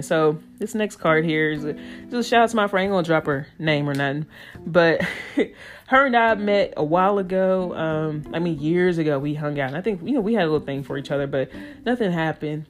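Young woman podcast host, low voice, slangy, animated solo chat, faint guitar bed. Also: a little fast. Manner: loose, slangy and animated, breaks into playful impressions.

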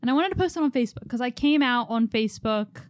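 A woman's voice: a little high, animated, fast talker, no echo, studio quality. A young adult woman co-hosting a podcast from home, chatting casually, laughing often and telling stories with animation. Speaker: podcast co-host. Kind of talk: casual conversation.

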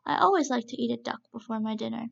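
A woman's voice: fairly high pitch, lively intonation, fast, creaky, fairly bright tone, exaggerated voice. A woman reading a story aloud, voicing a thieving male fox with a polite, eager manner in a dull, lo-fi recording.

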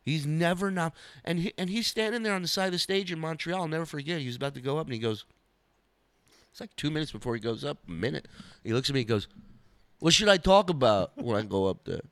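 A man in a casual podcast conversation, telling animated stories and mimicking the people he talks about. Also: on the high side, fast talker, dry recording. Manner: animated storyteller, mimics the comedian he describes.

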